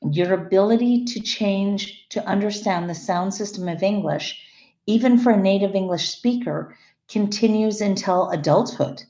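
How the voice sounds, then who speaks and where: A woman's voice: mid-range voice, dark tone. A woman lecturing a class, explaining ideas step by step and often restarting or correcting her wording. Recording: echoey room, slightly dull sound.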